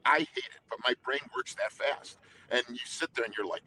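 Bright, intense man telling stories. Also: mid-range voice, expressive, slight background noise, poor audio. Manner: intense, rapid, talkative with many restarts. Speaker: guest singer. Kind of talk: casual interview storytelling.

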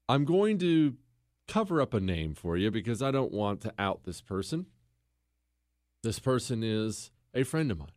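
A man's voice: mid-range voice, darkish tone, no room sound, clean studio sound. A young man hosting a podcast, delivering a political commentary monologue in an emphatic, rhetorical way, repeating words for effect and posing questions to his listeners. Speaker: podcast host.

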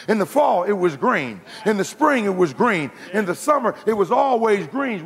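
A man preaching a sermon as pastor, calling out to the congregation and swinging from loud to hushed. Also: high voice, gravelly, slightly rough, big-room sound.

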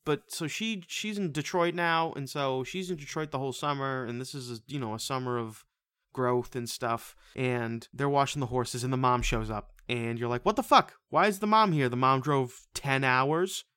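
A man's voice: medium pitch, normal speed, clean tone, no echo. Rambling, foul-mouthed man reviewing movies. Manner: rambling, swears freely, animated retelling. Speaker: podcast co-host. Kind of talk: casual movie review chat.

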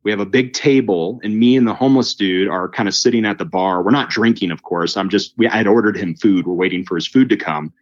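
A man telling his story as a guest in casual conversation, animated and fast, with many restarts and "like"s, his pitch jumping up when he relives exciting moments. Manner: quick with frequent restarts and "like". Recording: dull lo-fi recording.

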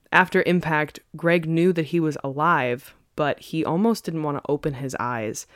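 A woman's voice: low-pitched, dry recording, studio quality. A woman hosting a podcast, telling a story in a chatty, casual way and laughing often. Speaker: podcast co-host.

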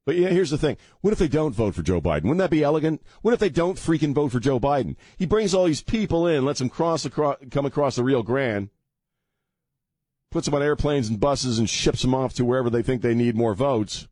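A man's voice: mid-range voice, lively intonation, a little fast, a little mellow, no room sound, clean studio sound. A man in his fifties hosting a talk radio show, joking sarcastically and rambling, sounding tired. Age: 50s. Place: radio studio.

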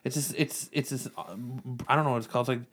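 A man's voice: medium pitch, steady tone, fast, fairly bright tone, slightly rough. Laid-back swearing man in casual chat.

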